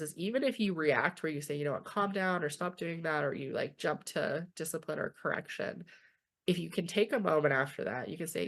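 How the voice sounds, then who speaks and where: A young Canadian woman presenting a webinar from home, talking informally and often checking in with "okay?". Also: low voice. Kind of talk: online webinar lecture.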